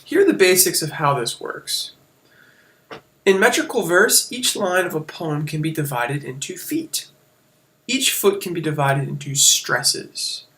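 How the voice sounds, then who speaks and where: A man's voice: a little high, expressive, measured pace, a bit bright. A man teaching a casual lesson on a screen recording, explaining as he goes and correcting himself now and then. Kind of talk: screen-share lesson on poetic meter.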